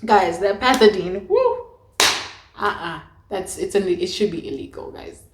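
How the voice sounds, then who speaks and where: A young woman talks straight to her viewers in a lively, chatty way, dramatizing her story as she goes. Her voice sits at an ordinary middle pitch. The room around her adds a noticeable echo. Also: normal speed, noisy background. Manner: chatty, dramatic, acts out her own past lines with big pitch jumps. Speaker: vlogger. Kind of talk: casual storytelling to camera. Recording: echoey room.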